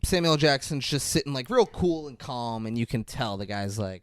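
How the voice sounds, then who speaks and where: A man of average pitch co-hosts a laid-back podcast, recounting a film scene by scene. He slips into the characters' lines as he goes. The sound is dry and close. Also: expressive, normal speed, clear, resonant tone, no room sound. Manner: retells scenes, quoting lines in put-on voices. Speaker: podcast co-host. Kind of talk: casual movie review chat.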